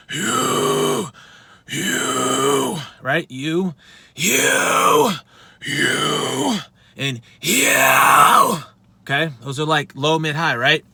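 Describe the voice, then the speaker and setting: A man's voice: fairly high pitch, fairly bright tone, no room sound. A man giving a casual vocal lesson, talking bluntly with plenty of swearing and poking fun at himself. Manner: blunt, profane, self-deprecating. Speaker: vocal instructor.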